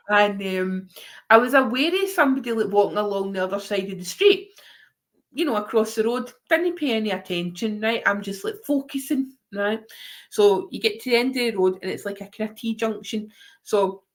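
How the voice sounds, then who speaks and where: A woman's voice: medium pitch, expressive, normal speed. A Scottish woman telling a funny story in casual chat, swearing, laughing often and acting out the other voices. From Scotland.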